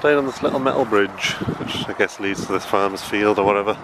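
A man's voice: fairly low pitch, fairly quick. A young father chatting casually while filming a home vlog, often switching to a sing-song voice for his small child. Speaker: father vlogging with his toddler. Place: home kitchen, then outdoors by a canal. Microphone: handheld camera. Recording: noisy handheld camera audio. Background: appliances humming, then outdoor and traffic noise.

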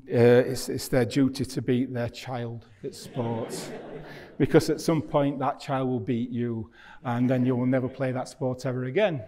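A man's voice: medium pitch, a little mellow. A middle-aged man giving a public lecture as an artist, telling stories in a chatty, self-deprecating way. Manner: chatty storyteller, self-deprecating, acts out quoted dialogue. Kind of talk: anecdotal lecture to an audience. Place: university lecture hall.

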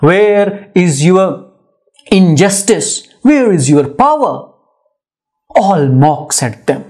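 Extremely slowly, a male literature lecturer talks through poetry in a blend of English and Hindi, his high, slightly mellow voice full of lively intonation. He is emphatic and repetitive, posing rhetorical question after rhetorical question.

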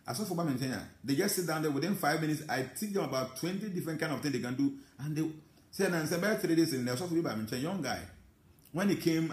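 Man, Ghanaian accent, spiritual teacher, emphatic live talk, echoey room. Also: mid-range voice. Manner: mixes English with Twi, animated and emphatic. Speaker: spiritual teacher answering viewer comments. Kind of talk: live stream talk reading comments.

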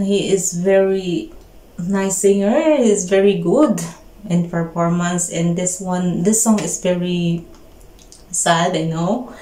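A woman with a Filipino accent hosting a reaction video, speaking emotionally and haltingly, with pauses and fillers. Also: fairly low pitch, dark tone, roomy sound, a little hiss or hum. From Philippines. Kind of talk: casual reaction commentary.

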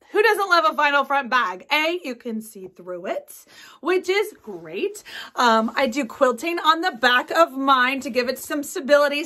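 A woman's voice: sits high, pushed and bright. A woman in her forties hosting a craft video at home, chatting enthusiastically about her sewing projects with lots of ums and asides. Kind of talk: casual show-and-tell chat.

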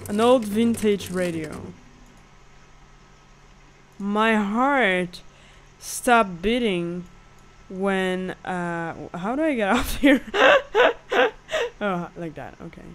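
A woman's voice: mid-range voice, lively intonation, extremely slow, pauses often. A woman hosting a horror gameplay video, joking and swearing as she yelps at scares. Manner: jokey, swears and yelps when startled.

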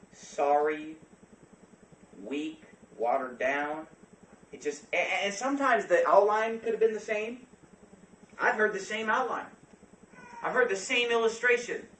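A male pastor delivers a fiery sermon, dropping to near-murmurs and then rising to shouts. His voice sits a little high and carries from some distance off the mic. The church room rings around him with a faint hum of ambience behind. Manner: swings from quiet to shouting, fervent. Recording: echoey church from far off.

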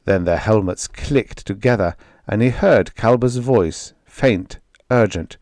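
A man narrating a vintage science fiction audiobook in an expressive, dramatic storytelling manner, close on a studio mic. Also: fairly low pitch, takes it slowly, no room sound.

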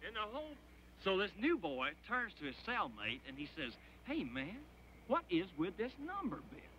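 Brief: a boisterous biker joke-teller, high and bright, on a muffled vintage film track. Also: male voice, wildly swooping pitch, normal speed, exaggerated voice. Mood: joking. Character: rowdy man, a biker gang member, loud and joking. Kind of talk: 1960s film dialogue. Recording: dull old film soundtrack with hiss.

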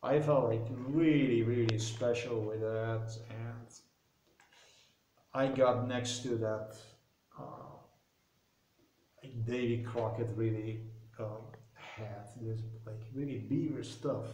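A man's voice: mid-range voice, steady tone, takes it slowly, pauses often, a little mellow. A man telling a rambling personal anecdote, loose and profane, full of fillers. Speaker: storyteller. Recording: roomy with faint noise.

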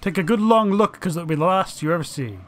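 A man's voice: high-pitched, animated, fast talker. A man doing let's play commentary, swearing and mock-dramatically teasing the game's characters.

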